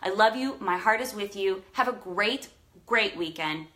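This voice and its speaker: A woman's voice: medium pitch, moderate pace, a bit bright. A woman life coach in a motivational vlog, talking straight to her viewers, emotional and effusive, with frequent swearing for emphasis. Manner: effusive, profane, emphatic pep talk.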